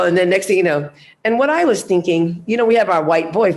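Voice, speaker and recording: A woman's voice: lowish voice, lively intonation, a little fast, darkish tone. An older woman giving a public talk as guest speaker, telling personal stories bluntly and animatedly, with frank profanity.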